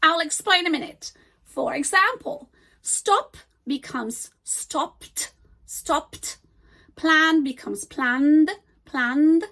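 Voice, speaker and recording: A high-pitched woman gives a scripted English grammar lesson. She slows right down to model each example word with care. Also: animated, bright, forceful tone. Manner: slow, deliberate modeling of example words. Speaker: English teacher.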